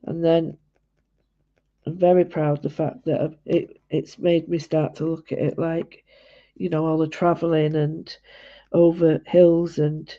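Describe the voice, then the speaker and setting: Talking viewers through her drawing during a live stream, a woman keeps up homely, rambling commentary. She speaks in a low-pitched, level tone, a little slowly, over dull lo-fi audio.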